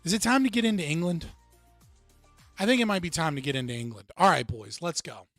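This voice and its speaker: A man's voice: a little high, expressive, a little fast, loud music behind the voice. A man hosting a live-stream reaction show, ranting and joking with heavy profanity. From United States. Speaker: livestream host.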